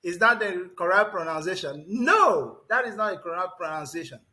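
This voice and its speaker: A man teaching English pronunciation to a class, repeating words slowly and emphatically and calling on students by name. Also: sits high, lively intonation, pushed and bright. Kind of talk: classroom lesson.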